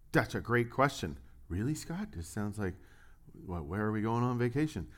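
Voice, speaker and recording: Guy preaching in church, animated, tossing out rhetorical questions and jokes, mid-pitched voice. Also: normal speed. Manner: lively, full of rhetorical questions and humor. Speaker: pastor. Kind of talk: sermon.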